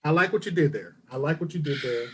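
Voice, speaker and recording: A man's voice: a little high, fast talker, fairly bright tone. A man co-hosting a casual podcast over a video call, joking and teasing and often repeating himself. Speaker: podcast co-host.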